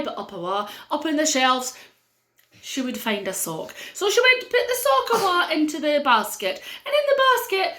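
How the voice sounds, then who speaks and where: A middle-aged woman with a North-East Scottish accent telling a story to children in a playful way, with dramatic pauses. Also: sits high, sharp tone, echoey room.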